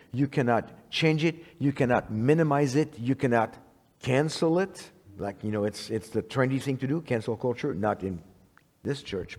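A man's voice: mid-range voice, darkish tone. Middle-aged man preaching in a reverberant hall. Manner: emphatic, repeats words and restarts, quotes scripture. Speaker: preacher teaching a church audience. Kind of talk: sermon. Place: church.

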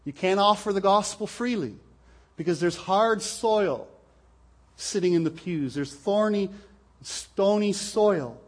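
A man's voice: high-pitched, lively intonation, takes it slowly. A man preaching a sermon from the pulpit in a church, explaining earnestly and asking rhetorical questions into a pulpit microphone. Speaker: pastor. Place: church hall.

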